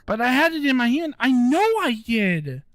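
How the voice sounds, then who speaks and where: A woman's voice: on the high side, very animated, moderate pace, slight background noise. A woman doing a panicky teenage schoolgirl. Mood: anxious. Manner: panicky, stammering, breathless questions. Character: frightened teenage schoolgirl lost alone. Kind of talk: dramatic game dub read-along.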